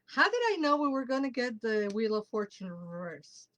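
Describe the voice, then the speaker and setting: A woman's voice: fairly high pitch, expressive, normal speed, a bit bright, poor audio. A woman whose first language is Spanish, hosting a live tarot show in casual chat, greeting viewers by name and dropping Spanish words into her English.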